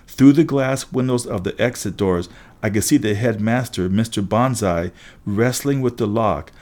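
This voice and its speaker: Man narrating an audiobook, lowish voice. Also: darkish tone. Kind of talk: first-person audiobook reading.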